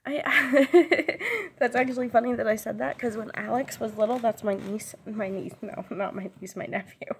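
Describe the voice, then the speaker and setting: A woman's voice: fairly high pitch, little pitch movement, brisk, darkish tone, slight background noise. A young woman chatting casually in a vlog, rambling and giggling, with lots of "like" and "um". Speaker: vlogger. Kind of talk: casual chat.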